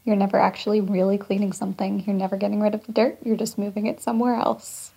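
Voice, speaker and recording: Calm lecturing woman, rapid and monotone, hushed and husky, as a man puts her on. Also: high-pitched, voice pushed up, exaggerated voice. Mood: calmly lecturing. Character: calm soft-spoken woman, gently lecturing.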